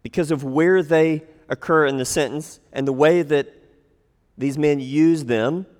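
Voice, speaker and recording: A man's voice: a little high, measured pace, darkish tone. A man preaching a sermon, acting out quoted lines in a raised voice. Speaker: pastor. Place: church sanctuary. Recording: long hall reverb.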